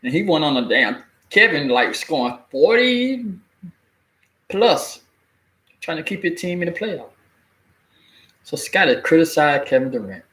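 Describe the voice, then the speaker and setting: A man giving a blunt, animated opinion rant in casual, colloquial speech, cursing freely and laughing at his own jokes. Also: a little high, a little slow, pauses often. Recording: echoey room.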